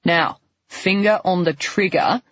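A brisk shooting instructor gives orders in a measured, deadpan way, as a male narrator voices him. The voice is a little husky, and the recording is dull and dry. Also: high-pitched, no echo. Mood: instructing.

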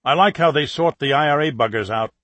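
A man reading an audiobook, voicing a patient male Russian spy putting on a British working-class accent, calm and probing. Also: fairly high pitch, fairly quick, no echo, natural voice.

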